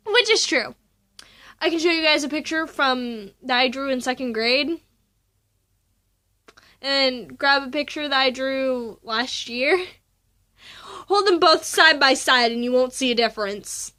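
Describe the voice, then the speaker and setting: Teen girl, casual rambling vlog, lots of fillers, high-pitched voice. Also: unhurried, long pauses, pushed and bright. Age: teens. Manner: rambling, giggly, many fillers and restarts. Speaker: student vlogger.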